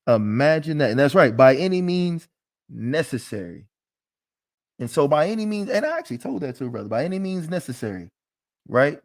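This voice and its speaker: A man teaching a live class in a casual, emphatic, joking way, with frequent restarts. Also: on the high side.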